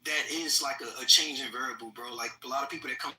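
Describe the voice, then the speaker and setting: A man's voice: medium pitch, fairly even intonation, fast talker, pushed and bright. A man making a rambling, slangy point in a heated live voice-chat debate. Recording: echoey, distant online voice chat.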